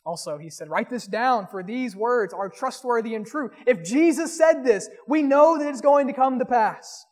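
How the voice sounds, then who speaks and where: A man, a pastor, preaching a sermon earnestly and reading scripture aloud slowly. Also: high-pitched, in a large hall.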